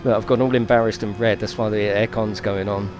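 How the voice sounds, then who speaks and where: A man's voice: fairly low pitch, steady tone, fairly quick. A man commentating his own racing game on a live stream, swearing, apologising and giggling, with music playing behind him.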